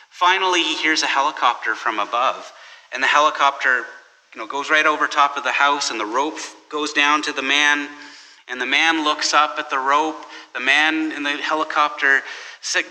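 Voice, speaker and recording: Bright-voiced preacher in a reverberant hall. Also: male voice, a little high, fairly even intonation, normal speed. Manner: conversational, storytelling, with restarts. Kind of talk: sermon.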